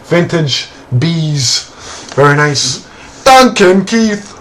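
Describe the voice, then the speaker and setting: A man hosting a card break, calling out player names and teams in a relaxed, casual way and laughing now and then. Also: fairly high pitch, extremely slow, low-quality recording. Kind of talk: casual card-opening commentary.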